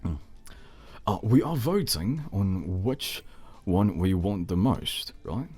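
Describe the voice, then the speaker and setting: A man streams live and talks casually with his chat, joking and throwing in stray foreign words. His voice sits low, moves unhurriedly and swings widely up and down in pitch. Soft music plays faintly behind him. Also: very animated, takes it slowly, breathy edge. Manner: rambling and playful, drops in foreign phrases, jokes with chat.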